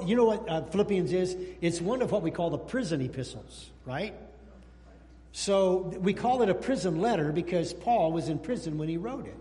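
A pastor in his sixties giving a lively, joking sermon, whooping and breaking into song. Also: high-pitched, big-room sound. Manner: animated, jokey preaching with whoops and sung bits.

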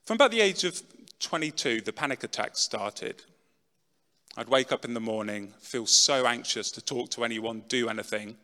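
A middle-aged man giving a dramatic personal testimony talk, swinging from loud, pushed lines to hushed ones. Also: medium pitch, moderate pace. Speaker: speaker telling his testimony. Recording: long reverb in a large hall.

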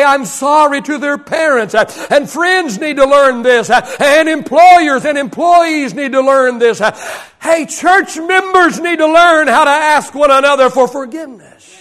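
Preaching at a church service, a male pastor speaks at normal speed in a very high-pitched, slightly bright voice. He keeps repeating key phrases for emphasis and leads the congregation in call-and-response.

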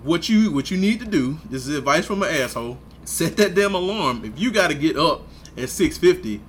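A young man in a casual chat who laughs often and gives blunt advice with plenty of swearing. His voice is a touch high for a man. A light hiss sits beneath the recording. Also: animated, a little fast. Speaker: podcast co-host.

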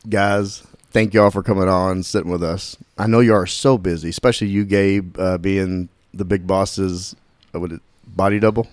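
A man's voice: sits low, fairly even intonation, normal speed, dry recording, clean studio sound. A man hosting a podcast, joking and laughing with his guests, often restarting his sentences. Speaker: podcast host. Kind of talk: casual podcast chat.

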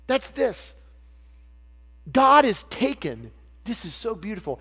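A man preaching a sermon, animated and jokey, acting out little voices as he teaches. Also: very high voice, slow, pauses often, breathy edge. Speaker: pastor. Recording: long hall reverb with mains hum.

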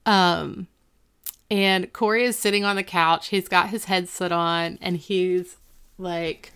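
A woman's voice: on the low side, measured pace, clear, resonant tone. A woman chatting casually on a podcast, recapping a TV episode and acting out the characters' lines in a raised voice. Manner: animated, acts out quotes in a raised voice.

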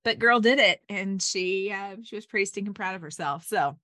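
Brief: middle-aged woman, podcast host, bright voice, dry close sound, chatty and eager. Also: mid-range voice, moderate pace, no echo. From United States. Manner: chatty, rambling, enthusiastic. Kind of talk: upbeat faith-based podcast chat.

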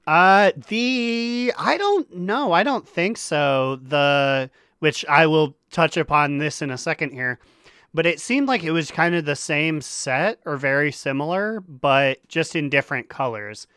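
Animated man retelling, crisp dry voice. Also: a little high, measured pace, dry recording. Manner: animated storytelling, acting out characters' lines. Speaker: podcast co-host. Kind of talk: casual gaming podcast chat.

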